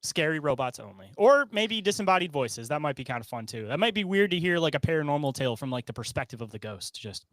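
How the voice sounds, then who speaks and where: High-voiced joking man, dry close sound. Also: sing-song, quick pace, hardly any pauses, fairly bright tone, no echo. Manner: jokey, laughs often. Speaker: podcast co-host. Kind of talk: casual comedic chat.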